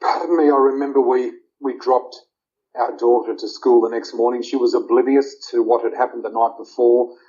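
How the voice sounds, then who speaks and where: A man's voice: mid-range voice, steady tone, moderate pace, dark tone. A middle-aged man, telling his personal story in an interview, emotional and rambling with fillers. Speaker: interview guest. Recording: dull lo-fi audio.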